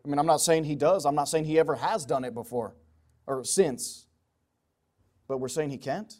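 Male preacher, high-pitched, emphatic delivery with big swings in volume. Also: moderate pace. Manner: emphatic, swinging from loud pleading to low quiet asides. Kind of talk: sermon.

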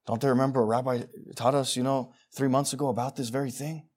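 A man preaching a sermon, moving between quiet, intimate asides and loud, emphatic passages as he reads scripture. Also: mid-range voice, little pitch movement, fast talker, hardly any pauses.

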